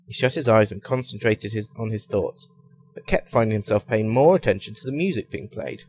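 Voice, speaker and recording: A man reading a comic detective story aloud with a wry, expressive delivery. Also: fairly low pitch, brisk, a little hiss or hum.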